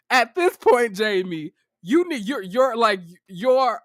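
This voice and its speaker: A man giving casual reaction commentary on a reality show, profane and animated, with sassy, theatrical exclamations and dramatic asides. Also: extremely high pitch, takes it slowly, no echo, studio quality.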